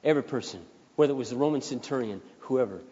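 A man's voice: mid-range voice, quick pace. Emphatic preaching man in a reverberant hall. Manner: emphatic repetition, swelling louder on key phrases. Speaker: pastor. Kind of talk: sermon. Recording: dull sound, long hall reverb.

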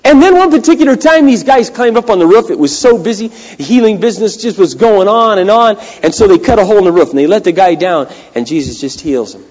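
A man preaching a sermon, swinging between loud cries and hushed, quiet lines. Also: high-pitched, expressive, fast talker, few pauses. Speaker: pastor. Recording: long hall reverb.

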